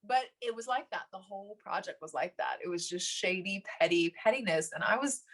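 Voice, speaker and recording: A woman in her thirties, a podcast guest telling stories in casual conversation, animated, laughing often and acting out what others said. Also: mid-range voice. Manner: animated, laughs often, acts out quoted voices. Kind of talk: casual interview storytelling.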